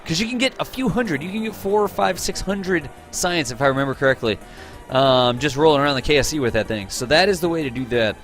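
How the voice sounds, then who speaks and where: A man with a slightly high voice hosts a live stream from his home setup and talks loosely with his chat. He greets viewers by name, teases them and laughs easily. Soft music plays faintly in the background. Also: lively intonation, fairly quick.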